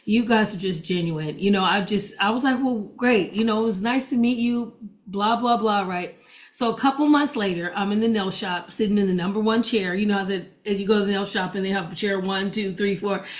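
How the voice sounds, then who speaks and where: A woman's voice: medium pitch, fairly quick. A woman preacher and gospel DJ telling a personal testimony to an audience, chatty, acting out the dialogue. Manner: chatty storytelling that acts out quoted dialogue.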